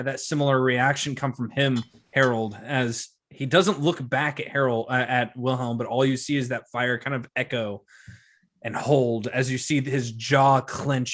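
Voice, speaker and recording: A man narrating combat as game master of a tabletop game, pausing with frequent fillers. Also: mid-range voice, a bit bright. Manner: halting, many uh fillers while narrating action.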